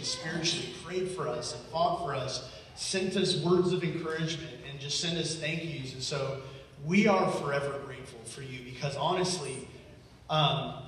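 A man's voice: fairly high pitch, fairly bright tone. Guy giving a heartfelt thank-you testimony at church, sounds far off and echoey with faint room hum. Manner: earnest, grateful, chuckles between thoughts. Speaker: guest speaker thanking a church. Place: large church hall.

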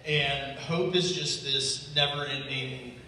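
A man's voice: medium pitch, steady tone, slow pace, pushed and bright. Guy giving a heartfelt thank-you testimony at church, sounds far off and echoey with faint room hum. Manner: earnest, grateful, chuckles between thoughts. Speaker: guest speaker thanking a church. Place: large church hall.

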